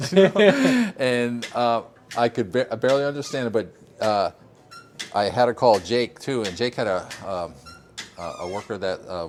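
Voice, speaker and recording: An older man from Vermont leads a relaxed tour of his greenhouse, talking in a low voice. He rambles through long explanations, full of fillers and easy chuckles. A faint hiss of background noise sits under the recording. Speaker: farmer giving a tour. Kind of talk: casual walking-tour interview.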